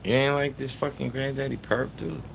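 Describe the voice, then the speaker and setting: A man's voice: mid-range voice, steady tone, a little fast, creaky. A man casually chatting with his live stream audience, loose and profane, talking to viewers in chat by name. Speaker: livestreamer. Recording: background noise.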